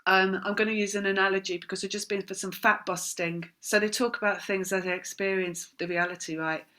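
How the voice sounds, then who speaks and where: A woman's voice: mid-range voice, steady tone, fairly quick, sharp tone. A woman giving a spiritual tarot reading, rambling and repeating words in long chains, apologizing now and then for how she talks. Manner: apologetic, laughs at herself. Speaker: tarot reader.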